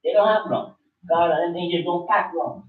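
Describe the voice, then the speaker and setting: A man's voice: high-pitched, moderate pace. Preaching man, heard through tinny echo. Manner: animated preaching, swinging between loud and soft, slangy. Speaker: religious teacher. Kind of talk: informal sermon. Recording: tinny, echoey room, from far off.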